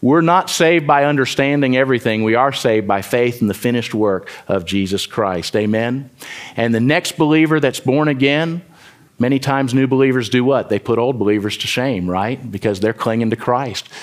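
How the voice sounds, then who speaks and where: A man preaching a sermon as pastor, building to sudden loud emphatic bursts and dropping back to a conversational tone. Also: medium pitch, moderate pace. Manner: mimics voices in quoted asides.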